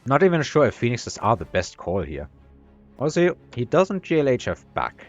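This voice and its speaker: A man's voice: mid-range voice, huge pitch swings, moderate pace. Guy rambling over his strategy game match with his mouth full, lots of uhs and ums, kinda dull lo-fi audio with faint music behind. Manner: rambling, self-deprecating, many fillers and restarts. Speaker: gaming commentator. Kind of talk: casual gameplay commentary.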